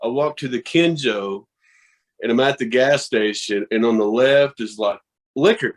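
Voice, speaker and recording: A man's voice: medium pitch, unhurried. A man from the American South, a podcast guest telling stories in casual, profane chat and acting out other people's voices. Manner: animated, profane, acts out quoted voices.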